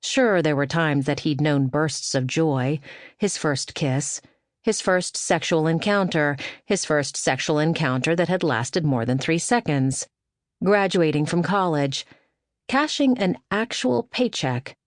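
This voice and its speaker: A woman narrating an audiobook in a measured, expressive reading style, recorded in a studio. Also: low voice, no room sound.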